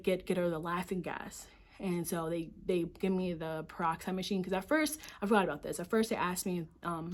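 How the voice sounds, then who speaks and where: A young woman recounting a painful ordeal in an emotional storytime vlog. Her voice sits a little low for a woman, and she leans hard on filler words and the odd curse as she talks. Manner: emotional, heavy use of filler "like", profane. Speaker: vlogger.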